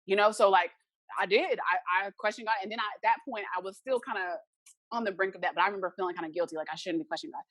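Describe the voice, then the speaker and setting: A woman's voice: medium pitch, rapid-fire, a bit bright, no room sound. A young adult woman, a podcast guest, earnestly telling a personal story and acting out the remembered dialogue.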